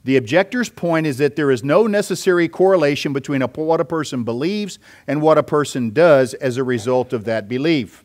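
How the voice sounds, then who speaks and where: A man's voice: a little high, a little fast, hardly any pauses, a little mellow. A man, a pastor, preaching an expository sermon and explaining scripture step by step, with occasional fillers.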